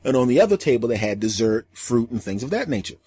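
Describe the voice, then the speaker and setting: A middle-aged male comedian telling a story in an animated, emphatic way, acting out every scene. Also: medium pitch, quick pace, slightly rough. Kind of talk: comic storytelling.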